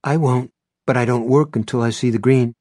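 A man's voice: mid-range voice, steady tone, a little fast, a little mellow, no echo, studio quality, voice pushed up, close to an everyday voice. Man doing a jokey fake-Russian hacker. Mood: flippant. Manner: jokey, flippant. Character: scheming male hacker faking a Russian accent.

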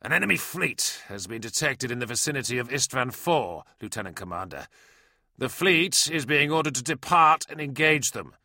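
A grim warrior lieutenant, as a man puts him on, measured and quietly menacing with a gravelly edge. The recording is a dry, close audiobook read. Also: medium pitch, big pitch swings, dry recording, voice pushed up, exaggerated voice. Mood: reporting.

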